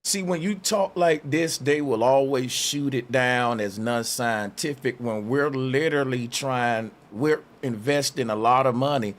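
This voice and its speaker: A man's voice: mid-range voice, unhurried, hardly any pauses. Laid-back male podcast host. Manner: laid-back, many affirming interjections. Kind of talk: casual podcast chat.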